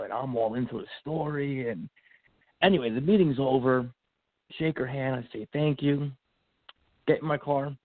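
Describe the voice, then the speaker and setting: A man guest on a podcast telling an emotional personal story, animated and acting out what people said, with many fillers and restarts. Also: mid-range voice, creaky, slightly rough, no echo. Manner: animated, acts out quotes, frequent fillers and restarts. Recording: phone-like narrow band audio.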